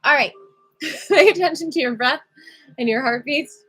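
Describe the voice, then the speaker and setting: A woman leading a livestream qigong class in a playful, giddy, chatty way, with slow guided prompts to notice breath and heartbeat. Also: sits high, bright, forceful tone, dry recording, rough recording. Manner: playful, giddy, breaks into sing-song cat voices. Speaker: qigong teacher. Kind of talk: casual livestream class guidance.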